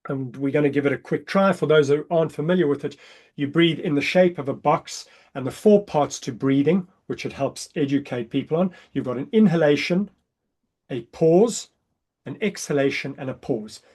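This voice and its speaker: A man leading a breathwork workshop over a video call, explaining exercises and counting slowly and softly through the breaths. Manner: calm counting, drops soft and low during counts. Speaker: breathwork coach.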